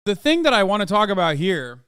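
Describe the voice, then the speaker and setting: A man's voice: high voice, big pitch swings, brisk, bright, forceful tone, smooth, no room sound, studio quality. A man in his thirties streaming, giving blunt, profane, mocking commentary on videos he reacts to. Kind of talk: casual livestream commentary.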